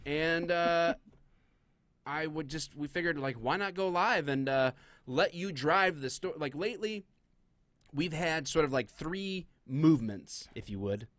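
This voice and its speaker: A man's voice: on the high side, unhurried, a bit bright, dry recording. A middle-aged man co-hosting a live-streamed podcast, chatting casually and joking around with playful voice shifts. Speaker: podcast co-host.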